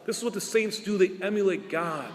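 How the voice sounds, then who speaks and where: A priest giving an earnest sermon, asking rhetorical questions and drawing out his key words slowly. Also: sits high, lively intonation, long reverb tail. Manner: earnest preaching with rhetorical questions and slow emphatic endings.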